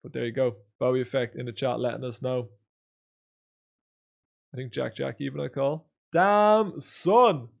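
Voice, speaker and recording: Gravelly man doing poker stream commentary. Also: normal speed, long pauses. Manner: casual, swings between low mutters and loud excited outbursts; chats with viewers and reads out their comments. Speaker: poker streamer reviewing replays.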